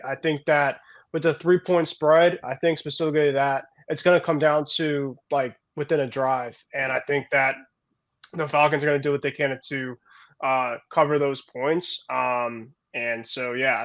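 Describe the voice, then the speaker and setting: Man giving football picks, measured with ums, mid pitch, dull muffled recording. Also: little pitch movement. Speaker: podcast panelist. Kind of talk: casual sports chat. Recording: dull lo-fi sound.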